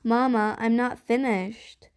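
A woman's voice: on the high side, fairly even intonation, slow, a little mellow, clear, resonant tone. A woman voicing a persistent, scheming young girl who complains insistently.

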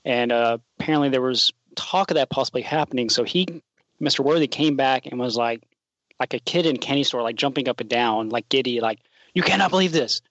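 A man who advises students, telling a story in a relaxed, casual way with plenty of fillers. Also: medium pitch, fairly quick, no echo, highs cut off. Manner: relaxed, anecdotal, many fillers. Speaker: teacher advisor.

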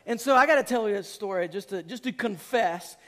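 This pastor, a man in his forties, delivers a sermon with lively storytelling, acting out his own reactions as he goes. His voice is high-set and his pace brisk.

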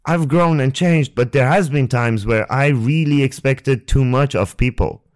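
A young man hosting a podcast, telling a personal story on a close microphone in a halting, rambling way, with restarts and swearing. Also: mid-range voice. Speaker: podcast host. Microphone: close ASMR microphone.

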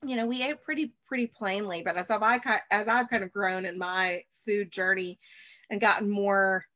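A woman's voice: medium pitch, moderate pace, bright, forceful tone, no echo. A woman in her thirties from the United States, a baker and chef, talking as a guest in a casual interview and rambling with many fillers and restarts.

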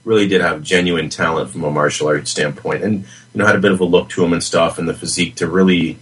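A man co-hosting a podcast, giving measured, earnest opinions about a movie in casual chat. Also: low-pitched, fairly even intonation, breathy edge. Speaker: podcast co-host. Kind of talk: casual film review chat.

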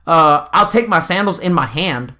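A podcast co-host speaks in a slightly high voice at a moderate pace. He chats casually and tells stories with animation, swearing a lot and acting out the quotes.

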